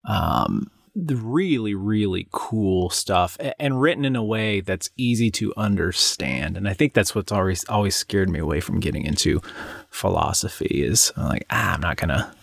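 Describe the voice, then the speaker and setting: A man with a low, gravelly voice talks in a loose, rambling way. He often restarts sentences and laughs between thoughts. The sound is dry and close. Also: lively intonation, normal speed, dry recording. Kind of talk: casual chat.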